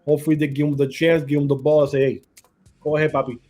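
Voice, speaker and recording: Husky, mellow-toned man on a podcast. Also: on the high side, flat delivery, fast talker. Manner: repeats words and restarts, says "you know" often. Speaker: podcast co-host. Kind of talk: casual wrestling chat.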